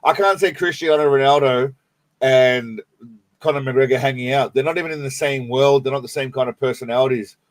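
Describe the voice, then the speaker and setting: A man's voice: mid-range voice, a little fast, dry recording. Crude, joking man hosting a stream. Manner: crude joking, laughs often. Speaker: livestream host. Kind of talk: casual reaction commentary.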